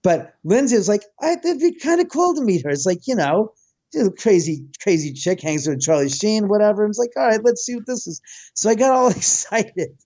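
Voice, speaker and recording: A man telling a long, rambling story in casual chat, animated and swearing freely. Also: high-pitched, fairly quick, dry recording, dull audio. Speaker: guest, house owner.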